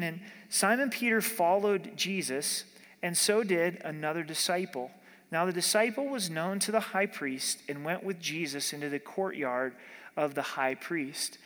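Male pastor, slightly high voice, preaching verse by verse in a reverberant church. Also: fairly bright tone. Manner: preaching, slows down to read scripture, rhetorical questions. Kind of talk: sermon. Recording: long hall reverb.

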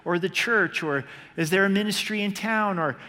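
A male pastor preaching a sermon in a conversational way, slowing down when he quotes scripture. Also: sits high, sharp tone. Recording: long hall reverb.

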